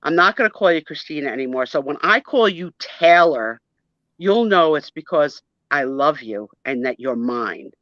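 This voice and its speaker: Woman putting on a bossy schoolgirl, high, lively pitch, dry lo-fi audio. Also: normal speed, dry recording. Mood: affectionate. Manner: bossy and gushing, high and emphatic. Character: bossy, doting schoolgirl who orders classmates around.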